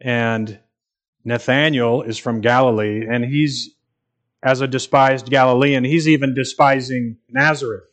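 A man's voice: medium pitch, fairly even intonation, unhurried, a bit bright. Earnest man preaching a sermon. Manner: earnest, emphatic, repeats phrases for stress.

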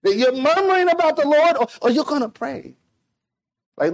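A man preaching a sermon, animated, swinging between loud declarations and hushed asides, acting out the people in the story. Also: very high-pitched, normal speed. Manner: acts out quoted voices of people in the story.

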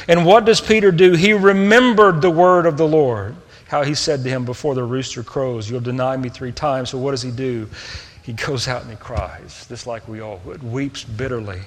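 A man preaching a sermon, earnest, moving between hushed tender passages and raised emphatic ones. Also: a little high, normal speed. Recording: long reverb of a hall.

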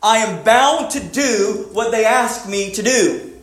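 A man as pastor, preaching a sermon, moving between low measured passages and emphatic raised lines. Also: fairly bright tone, echoey room.

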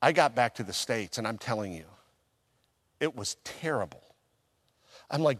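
A male pastor preaching a sermon, telling a personal story and acting out his own past conversations, with swings from loud emphasis down to near-whispers. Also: medium pitch, lively intonation, moderate pace, long pauses, big-room sound.

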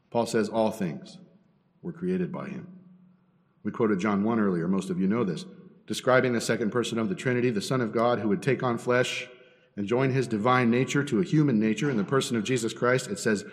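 A man's voice: on the low side, moderate pace, pauses often. A man preaching a teaching sermon as pastor, posing rhetorical questions and building emphasis. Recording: long reverb in a hall.

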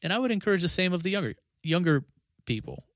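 Male pastor, podcast chat, gravelly voice, dry close sound, earnest, stop-start phrasing. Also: high voice, big pitch swings, fast talker, dry recording. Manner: earnest, with frequent restarts and 'you know'. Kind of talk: casual podcast conversation.

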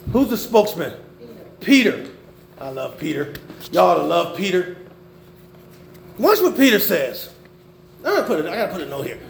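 Older man, sermon, high voice, roomy echo, loud then hushed. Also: gravelly, a little hiss or hum. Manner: call-and-response preaching, swings between loud emphasis and low murmurs. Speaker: pastor.

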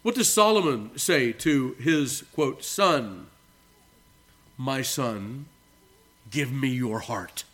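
A male pastor preaching a sermon to his congregation, earnest and emphatic, slowing down on key words and swinging between soft low asides and raised phrases. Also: animated. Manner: addresses the congregation as beloved. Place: church.

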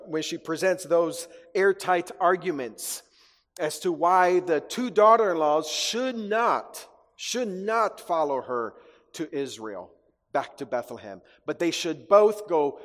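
A man's voice: fairly high pitch, in a large hall. A male pastor preaching a sermon in an earnest way, often repeating words as he goes. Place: church.

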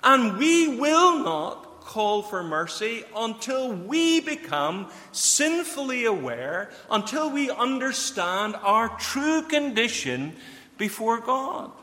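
A man's voice: very high voice, very animated, takes it slowly, pushed and bright. A man preaching a sermon, earnestly putting questions straight to his listeners. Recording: long hall reverb.

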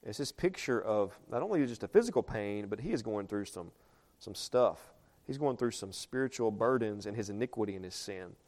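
A man's voice: fairly low pitch, lively intonation, moderate pace, a little mellow. A man preaching a sermon, talking conversationally, asking the congregation questions and reading scripture aloud. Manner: reads scripture aloud in older English. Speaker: pastor.

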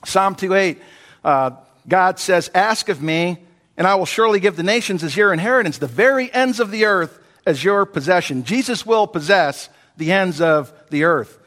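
A man's voice: sits high, animated, normal speed, a bit bright. A man preaching an expository sermon, emphatic, repeating key phrases and chuckling between points. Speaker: pastor. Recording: long hall reverb.

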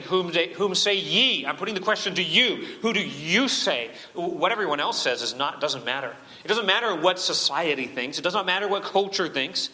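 A man's voice: fairly high pitch, sharp tone. A man preaching a sermon as pastor, emphatic and full of rhetorical questions. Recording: long reverb of a church hall.

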